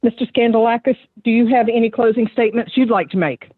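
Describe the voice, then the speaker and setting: A woman's voice: on the high side, fairly even intonation, quick pace, no echo. A woman chairing a public hearing in a formal, procedural way. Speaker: board chair. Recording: tinny phone line.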